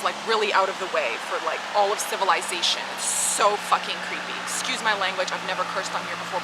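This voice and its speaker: A young woman speaks to camera like she's catching up with a friend, frank and animated, with easy swearing and quick laughs. Her voice sits at an ordinary middle height for a woman. Steady noise and passing traffic hum behind her. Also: mid-range voice. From Canada. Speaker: vlogger. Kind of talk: casual storytelling to camera.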